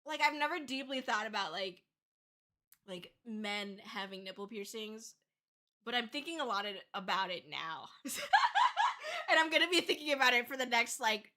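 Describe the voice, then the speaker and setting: A woman's voice: on the high side, expressive, normal speed, bright, forceful tone. A young woman streaming as a VTuber, chatting casually, gushing and giggling over artwork with frequent squeals. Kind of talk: casual livestream chat.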